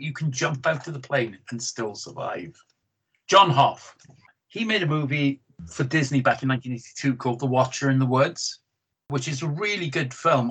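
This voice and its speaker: British guy slightly husky, ranting about a bad movie, keeps restarting his sentences. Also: mid-range voice, fairly bright tone, poor audio. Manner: opinionated, repeats words when starting. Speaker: film podcast co-host. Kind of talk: casual film review chat.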